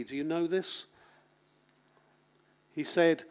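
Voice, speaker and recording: A man preaching a sermon to a congregation, emphatic, with dramatic pauses and rhetorical questions. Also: on the high side, expressive. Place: speaking to a congregation.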